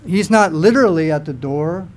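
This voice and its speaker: A man preaching a sermon to a church congregation, telling scripture stories in an animated way. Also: on the high side, moderate pace. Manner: animated storytelling, acts out scenes.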